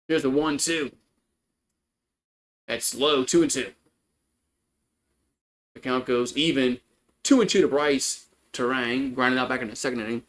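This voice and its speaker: Casual male play-by-play caller, mid-range voice, chats with viewers between pitches. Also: unhurried, pauses often, fairly bright tone, poor audio. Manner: chatty, loose, greets chat viewers between pitches. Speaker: play-by-play commentator. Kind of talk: casual live baseball commentary.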